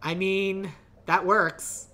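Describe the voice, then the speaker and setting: Woman, podcast co-host, casual chat, lots of fillers, crisp bright tone. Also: medium pitch, flat delivery, drawn-out words. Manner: rambling, full of "like" fillers, playful.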